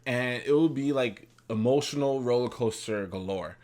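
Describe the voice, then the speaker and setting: A man's voice: medium pitch, normal speed, a little mellow. A young adult man in casual vlog chat with his wife, talking in a laid-back, reflective way. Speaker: vlogger and husband.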